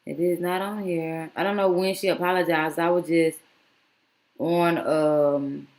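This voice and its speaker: A woman's voice: on the low side, fairly even intonation, a little slow, darkish tone, echoey room. A woman vlogger giving casual, exasperated commentary that rambles with many restarts.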